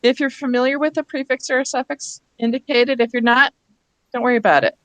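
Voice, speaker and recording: A woman's voice: sits high, fairly even intonation, quick pace, a bit bright, dry recording. A woman leads teachers through a reading workshop over a video call, explaining patiently step by step.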